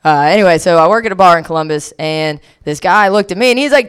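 A woman's voice: fairly low pitch, expressive, fast talker, hardly any pauses, clear, resonant tone. A young woman from Delaware doing a stand-up comedy set, rambling through crude, self-deprecating stories with plenty of swearing. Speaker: stand-up comic.

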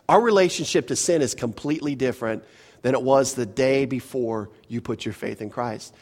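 Man preaching an expository sermon. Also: on the high side. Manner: emphatic, rhetorical questions, drops to soft asides. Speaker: pastor.

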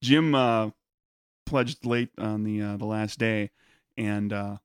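A man's voice: lowish voice, fairly even intonation, slow pace, smooth, no echo, studio quality. A man hosting a podcast in casual, jokey banter who laughs often. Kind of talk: casual chat.

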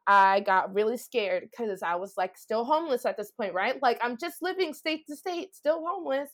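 A woman's voice: fairly high pitch, lively intonation, normal speed, fairly bright tone. A woman being interviewed, telling her own story in a blunt, profane way with many "like"s. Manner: blunt, profane, heavy use of "like". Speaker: interview guest. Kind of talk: candid personal storytelling.

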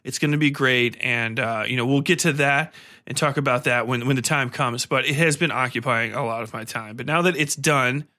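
A man's voice: medium pitch, steady tone, a little fast, pushed and bright. Blunt, rambling male podcast host. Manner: rambling, blunt and profane, lots of fillers. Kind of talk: casual solo podcast outro.

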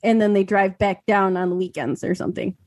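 A woman in her thirties co-hosting a podcast, telling an animated story with lots of swearing and acted-out quotes. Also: mid-range voice, fairly quick, no echo. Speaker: podcast co-host. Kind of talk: casual chat.

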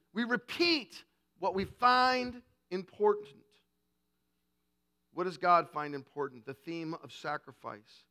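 A middle-aged male pastor preaching a sermon in a high, bright voice. He moves between booming emphasis and quiet, conversational asides.

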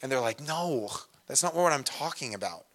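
Middle-aged male pastor, chatty storytelling sermon, medium-pitched voice, self-deprecating humor. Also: animated, normal speed, a bit bright.

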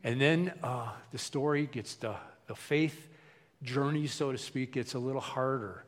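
A man's voice: mid-range voice, measured pace, big-room sound. A male pastor preaching a folksy, conversational sermon full of repetition.

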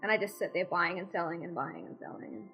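A woman's voice: lowish voice, fast talker, highs cut off, faint music behind. A young woman with a New Zealand accent chatting casually on a podcast, rambling with lots of fillers and poking fun at herself. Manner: rambling, many fillers, self-deprecating. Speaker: podcast co-host. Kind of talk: casual chat.

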